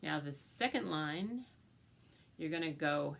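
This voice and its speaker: Over loud banjo playing, a woman with a low, gravelly, expressive voice teaches a banjo tune at normal speed. She patiently explains strings and frets one step at a time and chants the picking rhythms.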